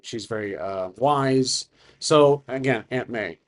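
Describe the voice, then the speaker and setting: A man narrating his own solo tabletop campaign at a mid-range pitch. He talks casually and thinks aloud, musing over names and details as he goes. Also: slow. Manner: rambling, thinks aloud with fillers. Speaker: solo game master and narrator.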